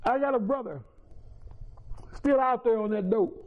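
Man, high-pitched, testifying in church; emotional storyteller with restarts, tinny phone-like recording. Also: very animated, moderate pace. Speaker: church member giving testimony. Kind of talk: personal testimony.

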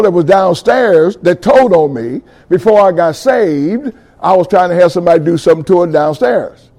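A middle-aged man giving a fervent testimony sermon, calling out to his audience and building to loud passages. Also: high voice, expressive, normal speed. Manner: call-and-response with audience, rising fervor.

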